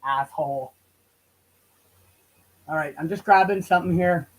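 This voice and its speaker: A woman with a low voice livestreams on her YouTube channel, speaking slowly over a rough recording. She rants casually and heatedly, swearing as she goes, and sometimes drifts away from the mic.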